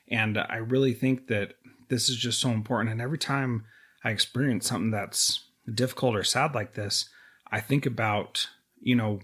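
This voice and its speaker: A man's voice: on the low side, a bit bright. A middle-aged man hosting an interview podcast, earnest and emotional as he talks and asks questions. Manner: earnest, emotional when talking about loss. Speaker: podcast host.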